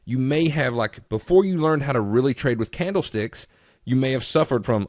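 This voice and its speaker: A man's voice: medium pitch, moderate pace, darkish tone, no echo, studio quality. A man teaching traders at a live seminar, telling stories and asking rhetorical questions. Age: adult. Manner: conversational storyteller, rhetorical questions. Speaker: trading educator. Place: room with a live audience.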